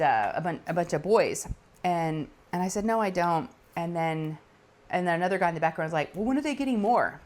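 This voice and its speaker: Animated woman telling stories. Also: lowish voice. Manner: animated, acts out callers' voices, laughs often. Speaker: crafting channel host. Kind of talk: casual storytelling chat.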